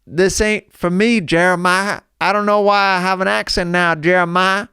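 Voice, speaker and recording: A man's voice: high-pitched, little pitch movement, bright, forceful tone, clear, resonant tone, no room sound, clean studio sound, voice pushed up. A man doing a drawling, unimpressed listener. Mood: dismissive. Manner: slow, drawling, repeating the name.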